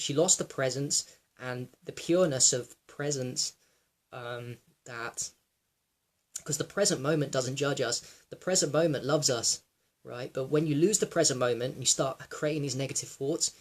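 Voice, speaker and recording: Young man, raw monologue, halting, reflective, full of ums, close to tears. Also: mid-range voice. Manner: reflective, halting, with many fillers and restarts; emotional, close to tears at times. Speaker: wellness vlogger.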